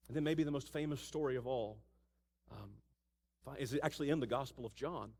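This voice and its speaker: Man, pastor, sermon, conversational storytelling, slightly high voice, long church-hall reverb.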